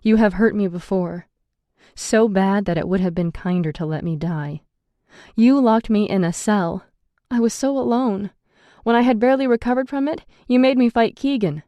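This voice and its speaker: A woman's voice: lowish voice, level tone, unhurried, gravelly, hardly any pauses, dark tone, no echo. A woman voicing a wary, defiant young heroine in an audiobook, speaking in a guarded way. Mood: hurt.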